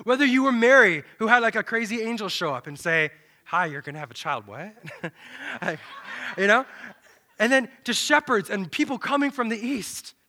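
A man preaching a sermon in an animated, dramatic way, dropping to a low hush and then swelling loud. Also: normal speed.

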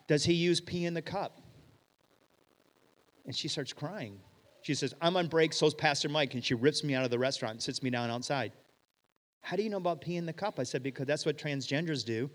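A middle-aged man preaching a sermon as pastor, telling stories and acting out the dialogue, sometimes loud and sometimes hushed. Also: mid-range voice. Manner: animated storyteller, acts out dialogue, swings loud and hushed. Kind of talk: sermon with storytelling. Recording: reverberant hall.

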